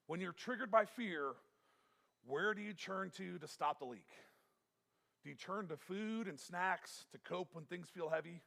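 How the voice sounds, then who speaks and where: A man with a gravelly, fairly high voice preaches a sermon. He talks earnestly and emphatically, repeating himself and restarting his sentences as he drives a point home. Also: measured pace, fairly bright tone. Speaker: pastor.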